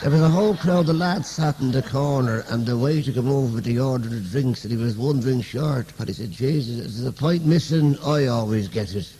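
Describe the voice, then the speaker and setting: A young Irish man, a comedian, telling stand-up jokes as rapid-fire one-liners and switching into the voices of the people in them. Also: medium pitch, noisy background. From Ireland. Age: young adult.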